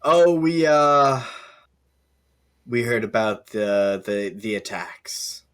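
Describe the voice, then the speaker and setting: A man's voice: medium pitch, animated, slow pace, fairly bright tone, clean tone. A man playing a tabletop game, speaking politely with hesitations. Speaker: player.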